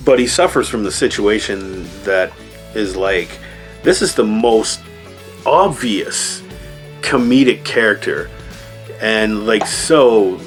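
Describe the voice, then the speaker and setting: A man giving a casual, rambling movie review with sarcastic asides. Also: fairly low pitch. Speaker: video reviewer.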